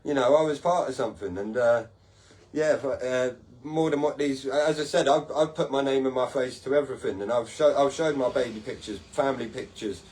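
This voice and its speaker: A man's voice: medium pitch, brisk, a little mellow. A man hosting a casual podcast-style livestream, talking in a rambling, sweary way and laughing at his own stories. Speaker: livestream host.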